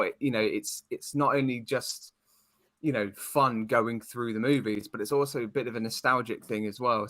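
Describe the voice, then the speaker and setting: A British man with a bright, forceful voice talks earnestly on a podcast, gushing in a nostalgic way. The sound is dry and close, with no room around it. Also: mid-range voice, no echo. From United Kingdom. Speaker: podcast guest co-host. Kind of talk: casual podcast chat.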